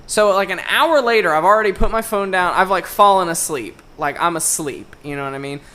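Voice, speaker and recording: A young podcast co-host with a bright, sharp-edged voice tells a story as a casual rant. He swears constantly and sounds exasperated throughout. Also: sits high, fairly quick. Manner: profane, exasperated ranting. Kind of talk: casual chat, ranting story.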